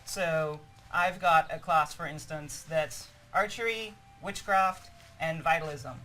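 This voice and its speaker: A hoarse woman presenting a live game demo stream, explaining features in an upbeat way. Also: low voice, slow, pushed and bright, low-quality recording.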